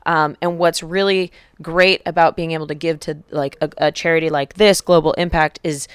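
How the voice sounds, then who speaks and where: A woman co-hosting a casual podcast, chatty and a little halting as she explains charity figures. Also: deep voice, fairly even intonation, clear, resonant tone, no room sound. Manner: chatty, with frequent fillers and restarts. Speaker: podcast co-host.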